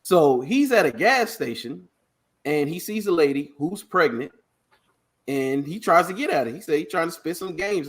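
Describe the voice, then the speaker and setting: A man hosting a sports talk show with a lively, joking storytelling manner. His pitch jumps around as he spins out a story, then drops low on his asides. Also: normal speed. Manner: animated storytelling, jokey asides. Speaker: podcast host. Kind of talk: casual sports chat.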